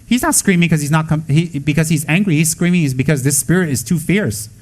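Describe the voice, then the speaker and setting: A man's voice: fairly high pitch, quick pace, darkish tone. Blunt, joking man giving a Buddhist talk. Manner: emphatic, blunt and joking, with rhetorical questions. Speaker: Buddhist lama teaching. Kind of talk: informal dharma talk.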